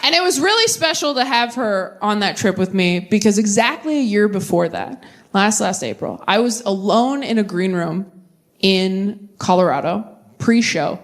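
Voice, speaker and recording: A woman's voice: mid-range voice, lively intonation, normal speed. A woman in her thirties doing a stand-up set, telling stories in a punchy, sardonic way. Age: 30s. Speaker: stand-up comedian.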